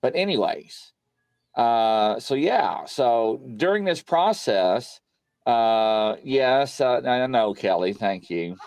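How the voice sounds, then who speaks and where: Rambling, lively male paranormal show host. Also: mid-range voice, takes it slowly, clean tone, dry recording. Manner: rambling, animated storyteller with many fillers. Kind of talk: casual live-stream chat. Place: home studio.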